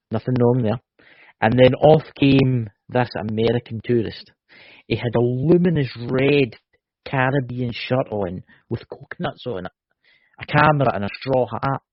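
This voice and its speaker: A boisterous Scottish man teases his co-host in casual podcast chat. His voice is husky, and the recording is dry and a little muffled. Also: mid-range voice, dry recording. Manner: boisterous, teasing, jokey.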